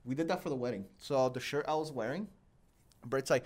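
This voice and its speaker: A young man chatting casually on a podcast, wandering from story to story and poking fun at himself. His voice sits at an ordinary middle pitch, and his talk is full of fillers and restarts. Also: brisk. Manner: rambling, self-deprecating storytelling with many fillers. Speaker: podcast host. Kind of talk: casual chat.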